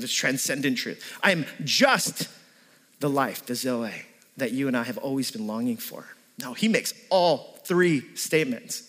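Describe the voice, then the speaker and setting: A man's voice: fairly high pitch, a bit bright. A man preaching a sermon as a pastor, in a loose conversational way full of "like" and "right?". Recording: long reverb of a hall.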